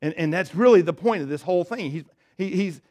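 Giving a sermon as pastor, this man moves between booming emphatic stretches and hushed, low, intimate ones. His delivery is expressive and brisk.

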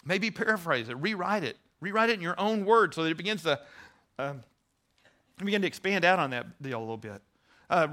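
Male pastor preaching, high voice, bright tone, earnest, repeats and restarts phrases. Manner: earnest, repeats words and restarts, stresses key words. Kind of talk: sermon.

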